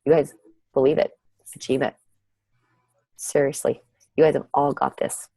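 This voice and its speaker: Woman, low gravelly voice, motivational team coach, video call, dry sound. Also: level tone, normal speed, warm tone, no room sound, rough recording. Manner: enthusiastic, repeats "you guys" and "seriously".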